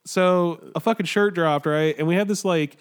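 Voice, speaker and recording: Young male podcast co-host, slightly high-pitched, loose rambling chat with fillers and swearing. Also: moderate pace, clear, resonant tone.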